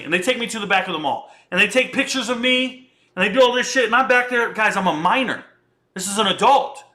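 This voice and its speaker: High bright-voiced man telling a story. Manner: animated, slangy, conversational storyteller. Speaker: commentator. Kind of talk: casual commentary and storytelling.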